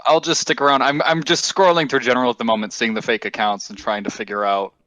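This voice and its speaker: A young man joins a voice call as a guest. He rambles and stumbles through his thoughts, laughing now and then, at a middle pitch. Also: steady tone, fast talker, sharp tone, no echo, poor audio. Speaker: guest on a voice chat. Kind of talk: casual chat.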